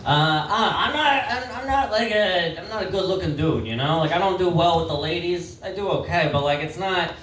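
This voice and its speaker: A man doing a stand-up set in a pub, rambling and halting in a self-deprecating way. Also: high voice, fairly bright tone, slight background noise. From Canada. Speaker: stand-up comedian. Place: pub comedy stage. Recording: roomy pub, distant mic, crowd laughter. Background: audience laughter.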